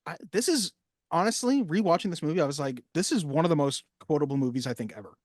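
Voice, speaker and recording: A man co-hosting a casual film podcast, talking at length and acting out movie lines with lively emphasis. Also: a little high, quick pace, no room sound, studio quality. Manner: animated, acts out movie lines. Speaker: podcast co-host.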